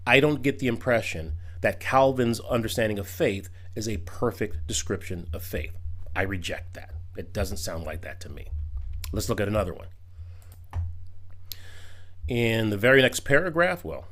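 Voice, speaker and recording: A man's voice: fairly low pitch, a bit bright. A man reading Bible verses aloud and commenting on them in a video critique, emphatic, with casual asides.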